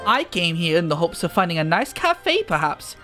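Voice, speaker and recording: A man's voice: a little high, sing-song, sharp tone, faint music behind, pitched below the performer's own voice. Guy doing a nasal pompous young noble, whiny and haughty, swoopy voice. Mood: complaining. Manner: haughty, drawn-out complaining. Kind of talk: reading game dialogue aloud.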